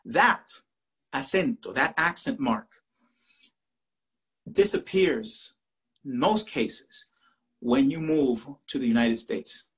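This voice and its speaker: A Spanish-speaking man from Puerto Rico with a Puerto Rican accent, a teacher telling animated personal stories and slipping into voices. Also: medium pitch, slow, long pauses. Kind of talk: storytelling talk.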